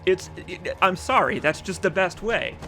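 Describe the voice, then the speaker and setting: Man, speedrun commentary, slightly high voice, crude and jokey, game music clear behind. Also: lively intonation, normal speed, bright, forceful tone. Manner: joking, profane and rambling, reads chat aloud. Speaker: speedrunner commenting on his own run.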